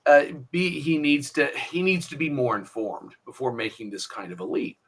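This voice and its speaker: A man co-hosting a podcast, talking in a measured, analytical way during casual discussion. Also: medium pitch, sing-song, fairly bright tone. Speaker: podcast co-host.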